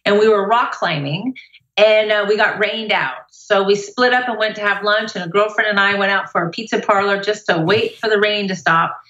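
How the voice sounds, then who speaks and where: A woman's voice: medium pitch, moderate pace, bright, forceful tone, roomy sound, muffled recording. A middle-aged woman, a motivational speaker, telling an upbeat personal story in a casual interview.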